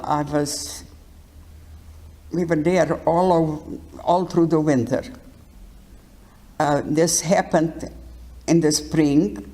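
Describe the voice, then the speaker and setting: An older woman giving her life testimony in an interview, speaking haltingly and often restarting words. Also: deep voice, mellow. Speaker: Holocaust survivor interviewee.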